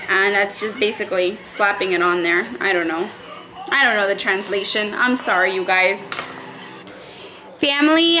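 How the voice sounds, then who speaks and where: A woman's voice: a little high, noisy background. A young pregnant woman vlogging in her home kitchen, chatting to her viewers like family as she cooks. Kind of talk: casual cooking vlog. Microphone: phone camera.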